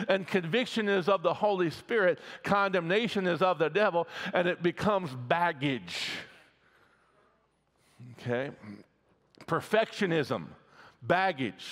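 A man's voice: high-pitched, fairly bright tone. A middle-aged man preaching a sermon as pastor, folksy and often checking in with the congregation. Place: church sanctuary. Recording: long reverb of a church hall.

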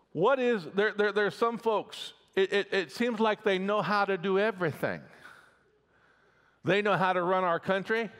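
The long reverb of a church hall surrounds a middle-aged pastor preaching a folksy sermon in the sanctuary, checking in often with the congregation. His voice is high-pitched, fairly bright, and clean in tone.

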